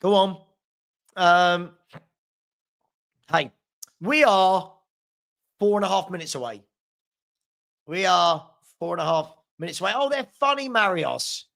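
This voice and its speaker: A man's voice: sits high, animated, slow pace, vocal fry, pauses often, fairly bright tone. A young man hosting a live football watchalong, reading out viewer comments with sarcastic banter. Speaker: fan channel host.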